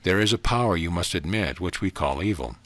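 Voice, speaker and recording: A man's voice: low voice, expressive, fairly quick, a bit bright. A man reading as an earnest, questioning minister. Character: eager, earnest male minister.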